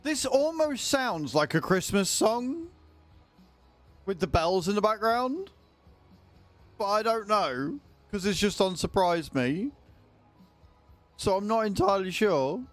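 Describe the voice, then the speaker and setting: A man's voice: high-pitched, expressive, takes it slowly, long pauses. A man chatting casually and jokingly as he streams a farming game, swearing now and then. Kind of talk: casual gameplay livestream commentary. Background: faint music.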